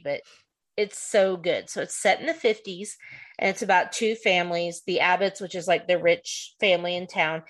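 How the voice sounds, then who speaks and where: A woman co-hosts a podcast in a loose, chatty way. She rambles on, packing her talk with fillers as she goes, in a voice of ordinary pitch. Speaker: podcast co-host. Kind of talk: casual chat.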